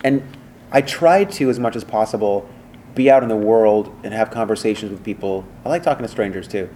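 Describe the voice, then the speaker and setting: A man being interviewed as a voice actor, chatting casually and telling animated stories with acted-out quotes and many fillers. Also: fairly low pitch, brisk, slight background noise. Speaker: voice actor guest.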